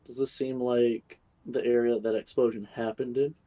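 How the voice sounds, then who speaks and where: A man's voice: mid-range voice, flat delivery, mellow. A man playing a tabletop game, talking in a goofy way. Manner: slow, goofy. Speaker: player. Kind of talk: casual chat at a game table.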